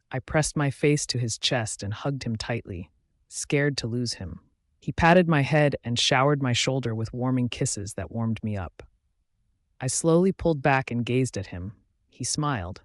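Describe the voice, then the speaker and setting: A man narrating a first-person romance audiobook with an even, steady reading. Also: medium pitch, unhurried, dry recording, clean studio sound.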